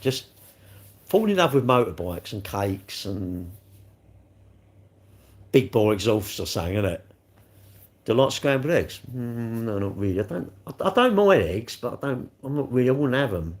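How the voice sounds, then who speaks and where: Bloke on a livestream, jokey and rambling, answering chat, mid-pitched voice. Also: male voice, big pitch swings, normal speed, long pauses. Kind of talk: casual live-stream chat.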